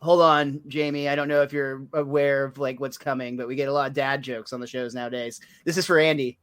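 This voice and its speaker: A man's voice: mid-range voice, level tone, brisk, a bit bright, clear, resonant tone. A man co-hosting a podcast, chatting loosely about an episode with lots of fillers and laughter. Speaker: podcast co-host. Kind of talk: casual chat recapping an episode.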